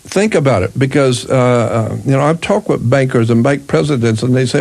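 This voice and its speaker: A man's voice: mid-range voice, a little fast, vocal fry, hardly any pauses, darkish tone. An older man holds forth on a radio talk show, pressing his points with emphatic repetition. He often stalls and restarts mid-sentence before pushing on.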